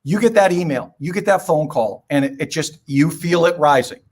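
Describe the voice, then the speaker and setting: An older man with a notably high-pitched voice talks as a podcast guest. He drives his points home in short, emphatic, preachy phrases and often slips into stories. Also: normal speed. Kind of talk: motivational podcast talk.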